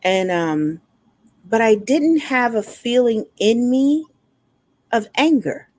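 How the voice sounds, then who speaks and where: A woman's voice: on the high side, expressive, slow, darkish tone, no echo. A woman guest in a podcast interview, a motivational speaker telling her personal story in an earnest way and acting out remembered conversations. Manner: earnest, acts out remembered dialogue.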